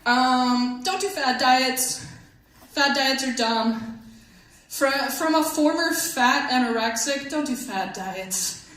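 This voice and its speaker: A woman with a high voice performs a stand-up comedy set on a comedy club stage, speaking slowly into a handheld stage mic. She is deadpan and self-deprecating, chatting with the crowd. The club room is echoey, with a faint hum.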